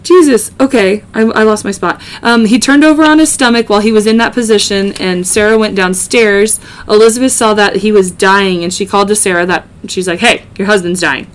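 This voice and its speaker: A woman's voice: mid-range voice, fairly quick, hardly any pauses. A woman hosting a podcast, casually narrating a true-crime case with joking asides and many ums. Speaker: podcast host.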